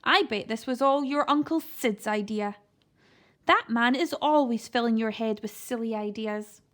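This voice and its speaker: Woman putting on a shouting deaf grandma. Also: a little high, measured pace. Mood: scolding. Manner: loud, barking, mishears everything.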